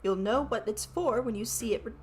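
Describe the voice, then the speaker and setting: A woman's voice: a little high, a little fast, slight background noise, close to an everyday voice. A woman reading as a courteous male merchant.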